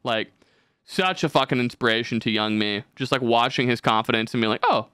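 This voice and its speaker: Male podcast host, casual and profane, rambling anecdotes, bright tone, dry close sound. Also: mid-range voice, steady tone, brisk, clean tone, no room sound. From California.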